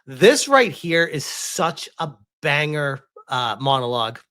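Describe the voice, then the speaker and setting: Man, reaction commentary, emphatic, laughs a lot, very lively pitch. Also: slow pace. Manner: emphatic and animated, laughs often. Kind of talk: casual commentary on a played clip.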